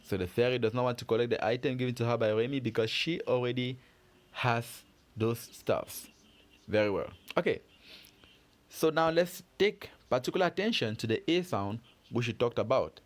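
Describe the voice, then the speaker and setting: A man teaches a French lesson in a plain mid-range voice. He is patient and methodical and keeps quizzing his listeners with little questions. The pace is steady and the tone is level throughout. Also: mid-range voice, moderate pace. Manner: patient, methodical, asks learners questions and answers them. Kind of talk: lesson explanation for learners.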